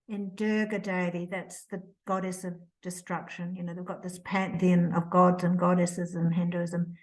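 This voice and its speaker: Slow-spoken older New woman. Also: on the low side, flat delivery, poor audio. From New Zealand. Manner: slow, reflective, emotional retelling with restarts. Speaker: author, interview guest. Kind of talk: personal storytelling.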